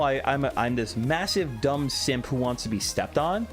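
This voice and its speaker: A man's voice: medium pitch, very animated, measured pace, few pauses. A young man casually chatting on a live stream, reading chat aloud with a joking, candid manner. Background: faint background music.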